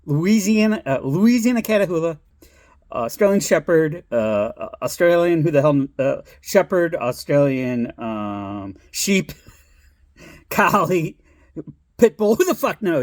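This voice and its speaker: A man's voice: on the high side, lively intonation, unhurried, no echo, studio quality. A middle-aged man telling a personal story in a rambling, casual way, swearing and laughing as he goes. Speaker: vlogger.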